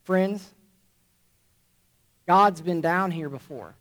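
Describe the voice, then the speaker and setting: A man preacher delivering a sermon to a congregation, emphatic and deliberate, repeating key phrases for weight. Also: sits high, a bit bright. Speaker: pastor. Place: church congregation.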